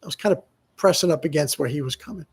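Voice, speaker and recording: A man's voice: a little high, slightly rough. A middle-aged man telling casual stories to the camera, rambling and restarting often. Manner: rambling, halting with many restarts. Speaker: vlogger. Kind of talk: casual storytelling monologue.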